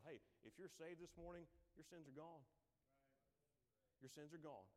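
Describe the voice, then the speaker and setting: A man preaching a Sunday sermon, acting out Bible figures in quick voices and breaking into hymn lines. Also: fairly high pitch, darkish tone. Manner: dramatic, acts out Bible characters in voices. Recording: long hall reverb.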